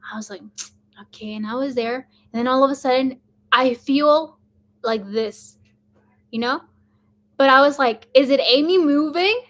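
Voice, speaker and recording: Chatty young woman, high voice. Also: fairly even intonation, measured pace, pauses often, a bit bright. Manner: chatty, many fillers like "like" and "um". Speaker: vlogger. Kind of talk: casual storytelling to camera.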